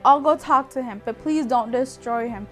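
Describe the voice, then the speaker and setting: A woman voicing a humble male prophet who keeps pleading softly. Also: a little high, normal speed, faint music behind, lightly acted. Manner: begging, soft.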